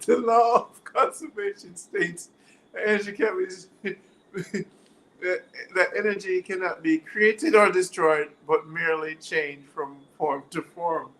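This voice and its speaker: A man's voice: sits high, steady tone, slow, fairly bright tone, a little hiss or hum, low-quality recording. A man with a Jamaican accent hosting a live stream, reading viewer comments aloud, laughing often and quizzing his viewers like a teacher. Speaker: livestream host.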